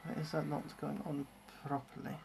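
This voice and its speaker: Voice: mid-range voice, level tone, moderate pace, vocal fry, noisy background. A livestreamer in casual commentary, chatty and wry, talking through each step of building a model kit. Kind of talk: casual live-stream commentary.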